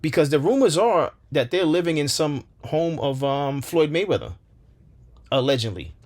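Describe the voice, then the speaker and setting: A man hosts a commentary channel, delivering an opinion monologue with passion, firing off rhetorical questions and repeating phrases for emphasis. His fairly high voice has lively intonation, a normal speed and a slightly mellow quality.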